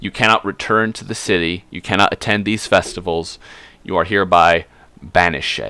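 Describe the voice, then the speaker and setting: A stern god-king passing judgment, scolding with casual slang and the odd curse, as a man acts him out. The voice is low with a bright, forceful edge. It sounds dry and close. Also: steady tone, moderate pace, clear, resonant tone, no room sound.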